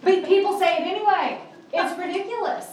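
A woman's voice: very high-pitched, a little mellow. A middle-aged woman preaching a sermon, earnest and emphatic, drawing out key words. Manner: earnest, emphatic, with drawn-out stresses. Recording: echoey, from a distance.

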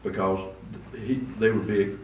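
A man's voice: lowish voice, fairly even intonation, measured pace. A man preaching a conversational sermon, with asides and restarts, recorded in a church. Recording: roomy echo, distant mic, faint room noise.

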